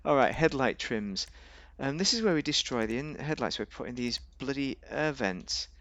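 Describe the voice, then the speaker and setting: Gravelly man rambling over gameplay. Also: lively intonation, normal speed, fairly bright tone, dry recording. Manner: rambling, chatty, jokey, talks to himself, sudden pitch jumps. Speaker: gaming video host. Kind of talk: casual gameplay commentary.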